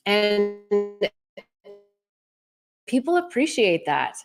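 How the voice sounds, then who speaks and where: A woman's voice: fairly low pitch, normal speed, music in the background. A woman hosting a live advice session as an intuitive advisor, speaking candidly and encouragingly.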